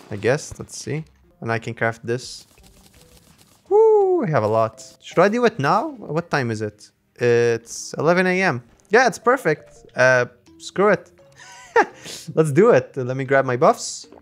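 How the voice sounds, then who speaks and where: A young man chatting through a let's play, breaking into high yelps and shrieks when danger hits. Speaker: gaming channel host.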